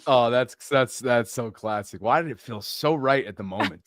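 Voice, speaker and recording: A man's voice: medium pitch, normal speed, background noise. A young man co-hosting a podcast, telling a dating story in casual chat with frequent laughs and self-deprecating humor. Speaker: podcast co-host.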